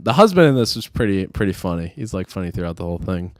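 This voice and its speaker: Young male podcast co-host, low-pitched, casual rambling recapper, dry sound. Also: big pitch swings, fast talker, no room sound. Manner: rambling movie recap, lots of fillers. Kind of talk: casual chat.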